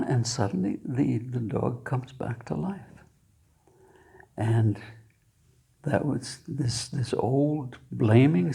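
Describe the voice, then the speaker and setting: An older man, a therapist, quietly recounting a story from his practice, soft-spoken and sometimes dropping to a near whisper. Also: mid-range voice, creaky, husky.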